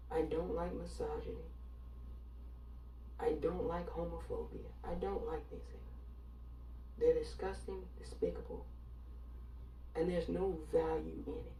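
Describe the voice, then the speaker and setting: A woman's voice: lowish voice, gravelly, warm tone, echoey room, far from the mic, a little hiss or hum, rough recording. A woman from Alabama giving an emphatic, sarcastic and defiant monologue, repeating her points for effect. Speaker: online commentator.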